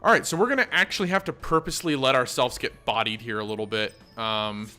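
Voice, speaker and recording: A man's voice: mid-range voice, fast talker, bright, forceful tone, faint music behind. A man hosting a gaming channel, chatting casually and thinking aloud as he plays. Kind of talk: casual let's-play commentary.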